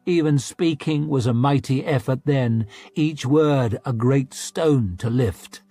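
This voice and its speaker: Slow, measured male audiobook narrator. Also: medium pitch, warm tone, no room sound, faint music behind.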